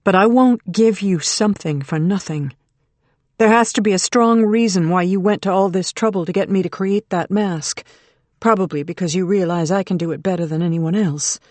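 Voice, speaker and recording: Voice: mid-range voice, a little mellow, no echo, natural voice. An audiobook narrator voicing a determined woman who speaks tensely and bitterly while negotiating for her son, in a dry recording. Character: determined mother under strain, adult woman. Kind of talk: audiobook character reading.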